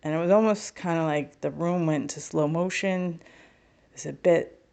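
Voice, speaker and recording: A woman's voice: low-pitched, moderate pace, creaky, dark tone, clear, resonant tone. A middle-aged woman telling a personal story as a podcast guest, candid and wry, with self-mocking humor. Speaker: podcast guest, spiritual healer.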